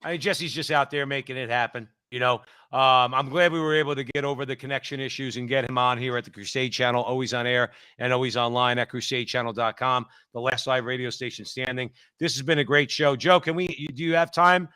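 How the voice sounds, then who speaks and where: A man's voice: mid-range voice, steady tone, brisk, few pauses, sharp tone, clear, resonant tone, no echo. A man hosting a radio talk show in a chummy, folksy way. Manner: chummy, folksy, calls people brother.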